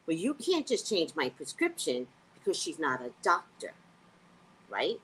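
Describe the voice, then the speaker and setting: A woman's voice: sits low, a little slow, a little hiss or hum. A woman vlogger telling a story in a casual, profane rant, acting out the people she quotes. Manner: animated, profane, acts out quotes.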